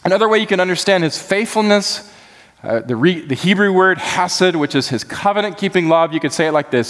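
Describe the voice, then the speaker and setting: A man's voice: high-pitched, animated, brisk, a bit bright, long reverb tail. A man preaching a sermon as pastor, earnest and building to impassioned emphasis.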